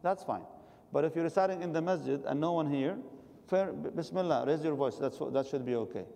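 A man's voice: fairly high pitch, brisk, creaky, warm tone, long reverb tail. A man giving a religious lecture and answering questions from the audience, advising his listeners directly. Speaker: religious teacher.

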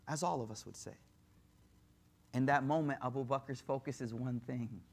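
A male preacher telling a story in a sermon, moving from impassioned, raised passages to hushed, tender ones. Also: mid-range voice, normal speed, long pauses, breathy edge. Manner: emotive, swings between impassioned and hushed.

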